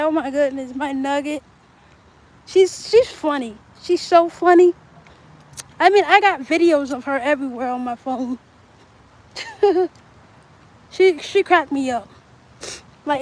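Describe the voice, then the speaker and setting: A young woman with a high voice chats to her viewers on a casual livestream. She rambles from one thought to the next in an easygoing, conversational way. She is streaming from outdoors in bright sunlight. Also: rough recording. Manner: rambling, chatty, talks to viewers.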